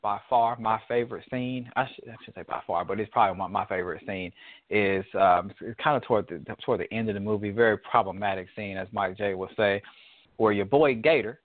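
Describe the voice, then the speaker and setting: A man's voice: fairly low pitch, a little fast, dry recording. Man chatting over a tinny phone line. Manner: relaxed, rambling storyteller. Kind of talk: casual chat about a movie.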